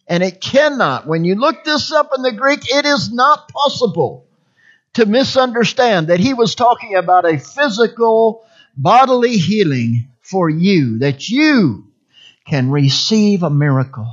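A preacher delivering a sermon, repeating scripture phrase by phrase and swinging from hushed whispers to loud cries. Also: medium pitch, very animated, a little slow, highs cut off. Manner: dramatic swings between whispers and shouts.

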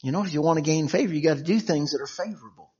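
Male preacher, folksy conversational sermon, high voice, muffled lo-fi audio. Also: racing, a little mellow, husky. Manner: chatty and conversational, frequent "you know" and chuckles, acts out quoted dialogue. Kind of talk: informal sermon. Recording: dull lo-fi sound.

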